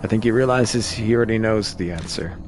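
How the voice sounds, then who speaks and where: A man streaming a horror game, reading the text aloud at a measured pace with casual asides. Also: fairly low pitch, a little hiss or hum. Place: home streaming setup.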